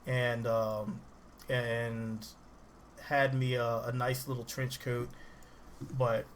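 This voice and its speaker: A man giving casual, rambling game commentary, excitable and laughing often as he plays. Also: medium pitch, takes it slowly, a little hiss or hum. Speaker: gaming channel host. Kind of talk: casual let's-play commentary.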